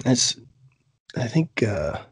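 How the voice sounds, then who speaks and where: Male co-host, hoarse from a cold, husky and gravelly, blunt and casual. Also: mid-range voice, expressive, normal speed, no echo. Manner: swears a lot, loose and blunt. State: sick, hoarse. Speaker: podcast co-host. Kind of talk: casual chat.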